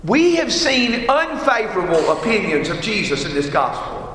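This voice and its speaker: A man preaching a sermon, teaching in a measured, emphatic way and repeating rhetorical questions. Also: high-pitched, sing-song, a bit bright, a little hiss or hum. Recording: echoey hall with long reverb.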